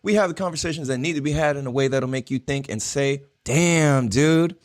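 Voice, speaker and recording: A man's voice: medium pitch, fast, no room sound, studio quality. A man hosting a podcast with a Southern Californian accent, talking loosely and profanely, laughing often in a casual solo monologue. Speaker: podcast host.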